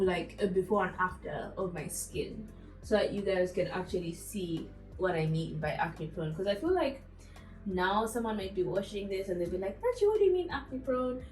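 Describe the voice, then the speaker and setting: A young woman from Zambia telling a story in a casual, animated way while going through her skincare routine, with lots of asides to her viewers. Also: lowish voice, reverberant, poor audio. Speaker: beauty vlogger.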